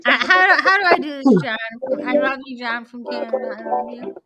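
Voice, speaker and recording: A tipsy woman on a video call, loud and giddy, swearing and making drawn-out declarations. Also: fairly high pitch, expressive. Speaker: panel guest. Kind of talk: rowdy casual video chat.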